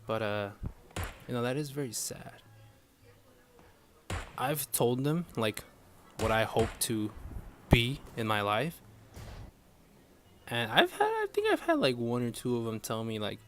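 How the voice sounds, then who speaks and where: A man's voice: medium pitch, a little slow, pauses often, fairly bright tone, soft background music. A young man ranting casually to his viewers, rambling and swearing often in frustration. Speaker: vlogger. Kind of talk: casual profane rant.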